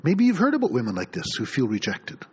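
Middle-aged pastor guy preaching, husky voice, really swoopy, kinda muffled recording. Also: medium pitch, quick pace. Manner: animated preaching, reads scripture aloud, acts out voices. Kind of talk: sermon. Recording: dull lo-fi recording.

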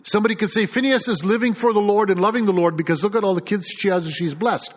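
High-pitched and fast, a middle-aged man preaches as a pastor in a lively way. He reads passages of scripture aloud and acts out the people in them. The sound is dull and lo-fi.

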